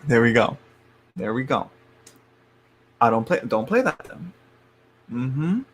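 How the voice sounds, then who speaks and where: A man's voice: mid-range voice, sing-song, takes it slowly, fairly bright tone, a little hiss or hum. Chatty man giving a live tarot reading. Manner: chatty, frank, laughs often, drops to murmurs when checking things. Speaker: tarot reader.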